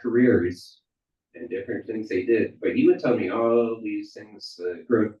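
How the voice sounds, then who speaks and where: A man's voice: fairly low pitch, moderate pace, warm tone. A man speaking at a memorial for a friend, hesitant with many fillers. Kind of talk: casual personal tribute. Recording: echoey, distant, muffled video call.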